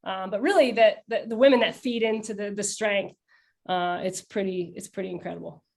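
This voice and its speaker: A woman's voice: medium pitch, fairly even intonation, fairly quick, vocal fry, a little mellow. A young adult woman guest in a casual podcast interview who talks bluntly and swears freely, with lots of fillers and restarts. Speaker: podcast guest, founder of a satire account.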